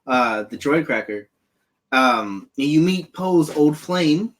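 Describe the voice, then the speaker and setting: Animated profane man chatting movies. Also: on the high side, takes it slowly. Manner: profane, animated, acts out quotes in silly voices. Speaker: podcast host. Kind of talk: casual movie chat.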